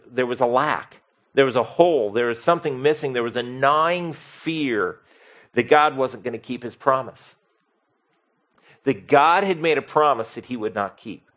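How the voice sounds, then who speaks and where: A man preaching a sermon as pastor, expressive, swinging from soft to loud and asking the congregation questions. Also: mid-range voice.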